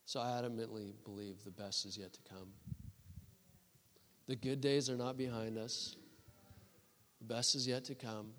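A man preaching and telling a story to a church, with many restarts and a lively storytelling delivery. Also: mid-range voice, normal speed, long pauses. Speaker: guest preacher. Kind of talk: sermon storytelling. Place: church hall. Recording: long reverb of a church hall.

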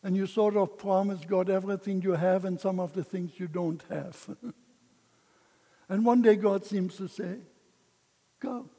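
A man's voice: high-pitched, steady tone, moderate pace, dark tone, in a large hall. An older man giving an emotional personal testimony as a missionary speaker, chuckling between lines.

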